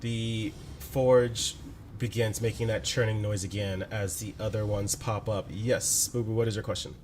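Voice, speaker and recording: A man narrating as game master of a tabletop game, relaxed and loose, with filler words. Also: on the low side, moderate pace, slight background noise.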